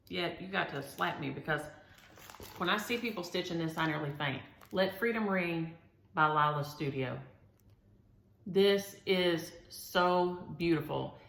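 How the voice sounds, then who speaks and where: A woman's voice: lowish voice, creaky, a bit bright. A woman hosting a chatty show-and-tell video, gushing over each item and talking straight to her viewers. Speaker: host. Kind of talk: casual show-and-tell chat. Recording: roomy echo.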